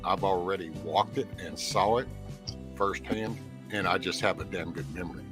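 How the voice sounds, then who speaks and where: Blunt, low-voiced man talking straight. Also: moderate pace, music in the background. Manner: blunt, profane, lecturing. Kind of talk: casual chat.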